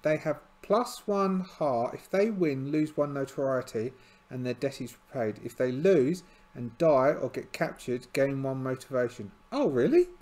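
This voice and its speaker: A man's voice: medium pitch, expressive, unhurried, a little mellow. A tired man narrating a solo tabletop game, hesitant and full of fillers and restarts.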